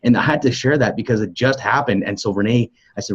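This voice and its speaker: A man co-hosting a relationship coaching podcast, telling lively stories and acting out other people's lines. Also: fairly low pitch, fast, slightly rough, muffled recording. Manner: animated storyteller acting out quotes. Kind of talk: live coaching conversation.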